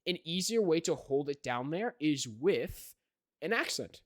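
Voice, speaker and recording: A man's voice: fairly high pitch, big pitch swings, measured pace, no echo, studio quality. A teenage young man hosting a podcast, telling a story in a rambling way, full of fillers and "right?" check-ins. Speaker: podcast host. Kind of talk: casual chat.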